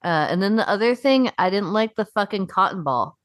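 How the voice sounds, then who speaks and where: A woman's voice: mid-range voice, expressive, fairly quick, dry recording, clean studio sound. A young adult woman co-hosting a podcast in a casual chat, rambling, laughing often and swearing in passing. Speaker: podcast co-host.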